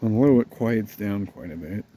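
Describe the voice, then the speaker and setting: There's a slight hiss or hum as a congested man, nasal from a cold, shows and tests an old electric fan in a relaxed show-and-tell vlog reviewing the vintage piece as a collector. His warm, fairly low voice keeps a normal speed. He rambles easily, thinking out loud with fillers.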